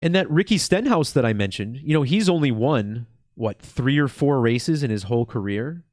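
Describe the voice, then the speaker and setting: Congested man talking slowly and calmly. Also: medium pitch, dry recording, clean studio sound. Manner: relaxed, slow and chill, with many fillers. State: congested from a cold. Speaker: channel host. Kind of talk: casual video commentary.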